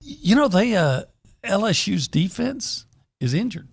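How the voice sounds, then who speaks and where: Man, sports radio co-host, gravelly voice, lively swooping pitch, rambling casual picks. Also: a little slow. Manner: rambling, restarts mid-thought, animated.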